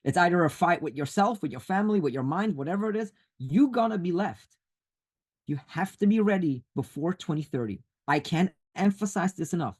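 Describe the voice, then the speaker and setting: A husky, slightly high-pitched man speaks over a video call. He presses his points hard and comes back to the same warnings again and again, like a motivational speaker on a group webinar. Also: animated, brisk. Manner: insistent and emphatic, repeats warnings. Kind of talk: urgent motivational talk.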